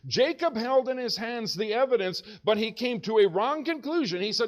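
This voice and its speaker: A man preaching as a pastor, telling a story in an animated way and shouting when excited, in a church. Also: very high-pitched, normal speed, few pauses. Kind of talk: storytelling sermon. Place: church sanctuary.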